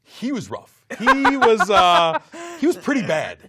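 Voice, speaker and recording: Lively, laughing male movie reviewer. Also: extremely high pitch, a little slow, creaky, a crowd in the background. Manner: animated, laughs often, impersonates lines from films. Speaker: film review show co-host. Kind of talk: casual film review chat.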